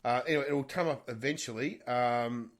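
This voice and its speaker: A man's voice: medium pitch, moderate pace. A man co-hosting a podcast in casual chat, stammering and swearing as he interrupts. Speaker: podcast co-host.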